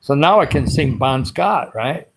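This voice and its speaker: A man hosting a casual livestream, his throat dry and raspy, rambling along and greeting viewers by name as he reads their comments. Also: mid-range voice, expressive, unhurried, a little hiss or hum. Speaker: livestream host.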